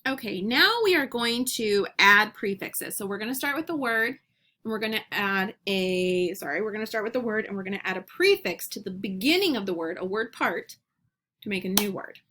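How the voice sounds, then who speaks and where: A woman teacher leading young children through a phonics lesson, speaking clearly and encouragingly and repeating each word, recorded on a computer at home. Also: mid-range voice, expressive, background noise. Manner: slow, clear, encouraging classroom delivery with repeated words.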